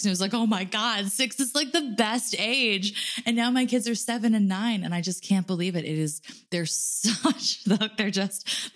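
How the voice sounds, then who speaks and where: A woman in her thirties hosts a podcast in a casual monologue. She talks candidly and laughs often, and she swears freely. Her voice sits a little low. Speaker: podcast host.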